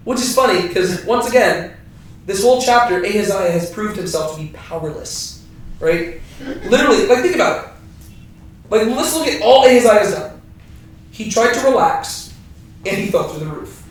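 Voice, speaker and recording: Playful high-voiced man teaching scripture. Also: animated, normal speed, long pauses. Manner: playful, laughs often, keeps asking "right?". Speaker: Bible study teacher. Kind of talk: joking Bible study teaching. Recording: echoey room from far off.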